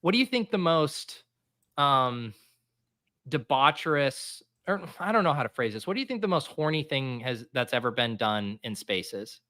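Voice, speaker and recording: A man's voice: mid-range voice, sing-song, normal speed, bright, forceful tone, no room sound. A man hosting a comedy podcast, asking questions in a playful, teasing way. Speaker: podcast host. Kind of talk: casual comedic chat.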